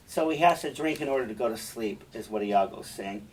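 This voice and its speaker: A man's voice: lowish voice, lively intonation, brisk, few pauses. A man teaching, chatting casually about a play he is reading to students, with asides, heard from a distance off the mic.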